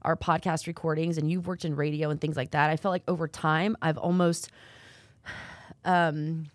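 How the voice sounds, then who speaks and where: A woman hosting a podcast, speaking openly with strong feeling and tripping over her words as she goes. Her voice is fairly low for a woman. It is recorded close and dry in a studio. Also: level tone, moderate pace, no echo. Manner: emotional, stammers and repeats words. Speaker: podcast host. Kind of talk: casual podcast conversation.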